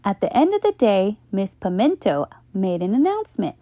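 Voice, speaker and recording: A woman reading a children's bedtime story aloud in a slow, expressive way. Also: medium pitch, no room sound, clean studio sound.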